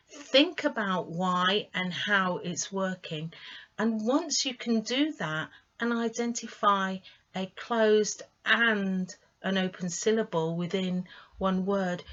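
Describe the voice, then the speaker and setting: Slow, careful woman English tutor. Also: mid-range voice, a bit bright. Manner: slow, clear, encouraging teacher delivery with careful emphasis on sounds. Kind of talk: online teaching lesson. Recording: slightly dull lo-fi audio.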